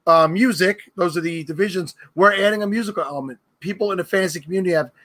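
A man's voice: high-pitched, fast, fairly bright tone. A man from New York, a guest on a podcast, joking and chatty. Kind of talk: casual podcast chat.

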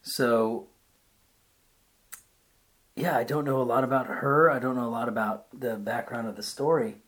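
A man reading a short story aloud, then musing about it in a thoughtful, halting way. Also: medium pitch, fairly even intonation, a bit bright. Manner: thoughtful, searching for words. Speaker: reader.

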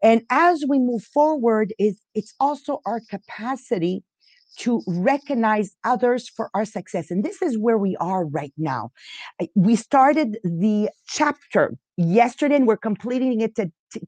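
A woman's voice: on the high side, lively intonation, a little mellow, no room sound. A woman hosting a podcast, teaching in a casual way and often stopping to restart her sentences. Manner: halting, restarts often, unsure of pronunciation. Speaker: podcast host leading a reading group.

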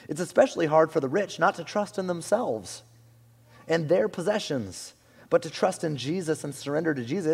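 Animated, chatty male preacher. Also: a little high, gravelly, slightly rough, long reverb tail. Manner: conversational and animated, frequent "like" and "you know". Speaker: pastor. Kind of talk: sermon.

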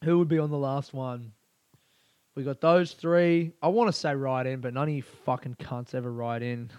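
A young Australian man rambles through his solo podcast, swearing freely and drifting from one thing to the next. His voice sits a little high and comes across smooth and clean. The sound is dry and close, with no room around it. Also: dry recording. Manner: crude, profane and rambling. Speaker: podcast host. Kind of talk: solo casual podcast monologue.

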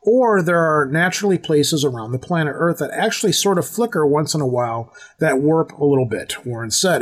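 A man's voice: fairly high pitch, expressive, brisk, few pauses. A man hosting a podcast in casual chat, rambling and teasing his co-host. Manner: rambling, self-correcting, teasing.

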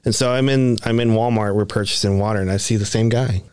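A man's voice: lowish voice, steady tone, fast, a little mellow, smooth. A man being interviewed, telling a long story in a casual, rambling way with many restarts. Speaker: Bigfoot researcher guest.

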